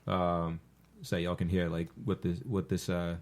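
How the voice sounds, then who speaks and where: A podcast host with a deep, low voice speaks casually. He talks in a relaxed, halting way, pausing on ums and uhs as he gathers his words. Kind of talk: casual chat.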